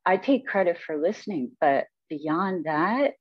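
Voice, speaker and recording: A woman's voice: on the low side, expressive, unhurried, husky, dry recording. A woman guest speaking in an interview, telling her life story in a reflective, rambling way with many fillers. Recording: dull, dry sound.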